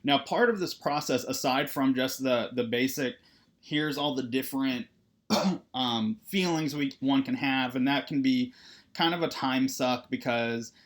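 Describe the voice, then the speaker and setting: A man's voice: medium pitch, unhurried. Conversational man giving a therapy lecture. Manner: conversational, frequent "right?" and "uh". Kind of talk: recorded lecture.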